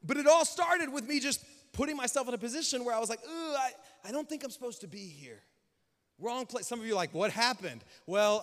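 A male pastor telling a story in a sermon, animated and acting out dialogue with sudden shouts. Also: high-pitched. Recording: long hall reverb.

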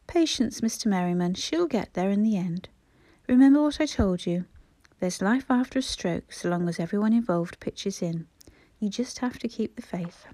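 A woman's voice: mid-range voice, animated, normal speed, dark tone, no room sound, lightly acted. A woman voicing a polite, reassuring hospital doctor in a storybook reading. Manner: courteous, encouraging.

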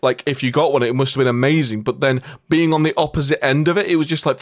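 A man's voice: mid-range voice, fast talker, no echo. Guy, mid voice, casual and profane storyteller, dry close sound. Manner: swears often, animated storytelling. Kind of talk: casual gaming chat.

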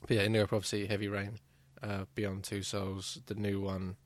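A man's voice: fairly low pitch, completely flat delivery, normal speed. A man chatting casually about video games, rambling with many fillers and restarts. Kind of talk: casual gaming chat.

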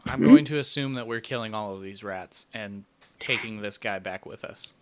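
A man's voice: fairly low pitch, normal speed, crowd noise. A man playing in a tabletop role-playing game, casual and profane. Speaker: player.

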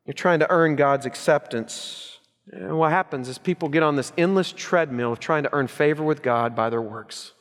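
Middle-aged male pastor, high-pitched and emphatic, preaching in a reverberant church hall. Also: moderate pace. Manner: emphatic, punchy repetition, swings between loud urgency and hushed gravity. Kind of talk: sermon.

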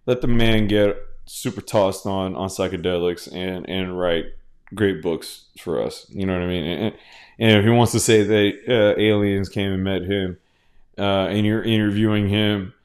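A man's voice: on the low side, fairly even intonation, normal speed. A man hosting a podcast, talking casually and at length, with many restarts and fillers, swearing freely. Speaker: podcast host. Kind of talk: casual solo podcast monologue.

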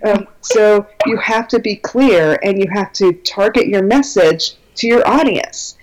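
A woman guest who teaches belly dance, talking in a chatty, enthusiastic way. Her voice sits at an ordinary middle pitch, and she fills her sentences with "um" and "you know". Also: a little slow, a little mellow, low-quality recording. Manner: chatty, enthusiastic, many fillers. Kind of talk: casual podcast conversation.

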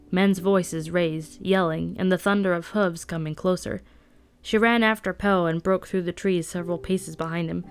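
A woman reading a novel aloud at a steady storytelling pace. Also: on the low side. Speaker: audiobook reader. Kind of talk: scripted narration.

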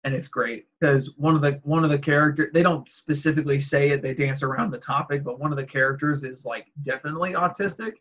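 A man's voice: a little high, fairly even intonation, fast, few pauses, highs cut off. A man in casual chat, rambling and laughing often as he acts out quoted exchanges.

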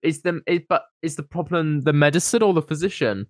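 A man's voice: on the high side, a little fast, no echo. A man in casual comedic chat, joking and laughing often while reading lines aloud in mock voices.

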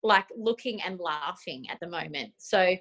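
A woman's voice: fairly low pitch, normal speed, a bit bright. A woman co-hosting a podcast over a remote call from a friend's house, talking in an effusive, emotional, gushing way. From Australia. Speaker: podcast co-host. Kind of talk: casual podcast chat.

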